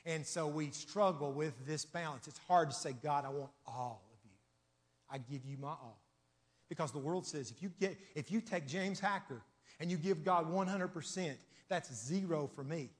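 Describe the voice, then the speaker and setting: A man preaching a sermon in a church, with emphatic, rhythmic repetition that swings from loud declarations to hushed asides. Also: a little high. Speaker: pastor. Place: church sanctuary. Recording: long church reverb.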